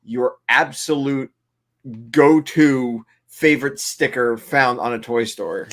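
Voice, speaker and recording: A man's voice: medium pitch, slow pace, fairly bright tone. Enthusiastic man co-hosting a podcast. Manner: enthusiastic interviewer, promotional plugs. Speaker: co-host. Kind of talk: casual podcast chat.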